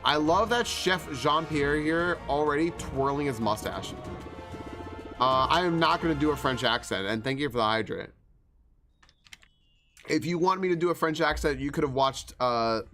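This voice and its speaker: A man's voice: medium pitch, expressive, moderate pace, bright, forceful tone. A man streaming a video game, chatting casually and thinking aloud with lots of fillers. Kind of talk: casual live-stream commentary. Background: game music.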